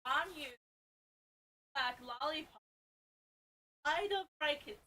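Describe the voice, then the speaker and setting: A woman's voice: high-pitched, measured pace, far from the mic, rough recording. A young woman with a Southern US accent chiming in and teasing from off camera. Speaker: host's daughter, off-camera helper. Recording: faint off-mic voice with loud background noise.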